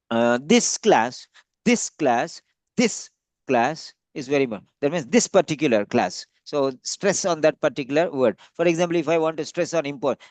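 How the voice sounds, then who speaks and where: A man's voice: fairly high pitch, no echo. A man tutoring a speaking-test candidate, giving patient, repetitive feedback with frequent fillers. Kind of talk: giving feedback in a practice session.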